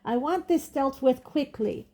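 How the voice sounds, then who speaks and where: A woman's voice: sits high, a little slow, voice pushed up. A woman reading aloud, voicing a pompous, impatient man of power who speaks loftily and snaps. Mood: lofty. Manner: lofty, snappish, loud. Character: pompous plump male minister, impatient.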